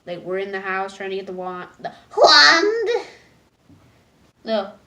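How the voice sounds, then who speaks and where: A woman casually recapping a cartoon episode, rambling with lots of "like"s and stumbling restarts, jumping into high loud voices for the characters. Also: completely flat delivery, fairly quick. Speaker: episode reviewer.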